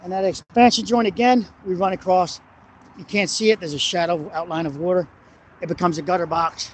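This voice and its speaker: A man's voice: high voice, steady tone, brisk. A man walking a bridge at night with a handheld camera, explaining its engineering in a rambling, hesitant way and swearing when annoyed. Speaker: construction engineering vlogger. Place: outdoors on a city bridge at night. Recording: noisy outdoor wind and traffic.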